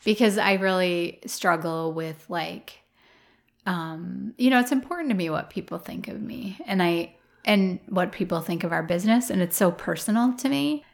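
A woman's voice: fairly low pitch, normal speed, vocal fry. A woman flower farmer talking through her thoughts in a casual interview, rambling with many fillers.

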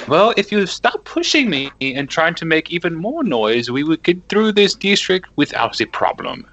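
A man's voice: fairly high pitch, sing-song, moderate pace, creaky, fairly bright tone, lo-fi sound, pitched above the performer's own voice, heavily acted. A man playing a proud, stern male armored magic user in a tabletop game, with a haughty, lecturing manner.

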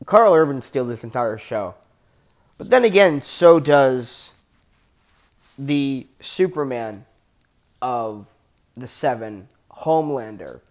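A man giving a casual, enthusiastic TV show review, rambling with frequent restarts and casual swearing. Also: medium pitch.

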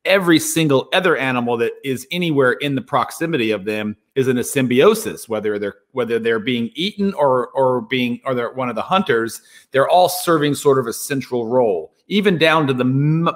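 A man of ordinary pitch hosting a podcast. He talks his way toward his point, with pauses and restarts, and teases himself for rambling. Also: animated, a bit bright. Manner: rambling, thinks aloud, self-deprecating. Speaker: podcast host. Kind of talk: casual conversational interview.

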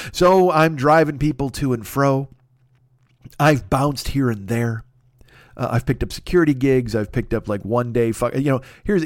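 A man's voice: mid-range voice, dry recording, studio quality. A man in his fifties, a podcast host, riffing in a casual, profane comedic monologue and acting out his own asides. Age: 50s.

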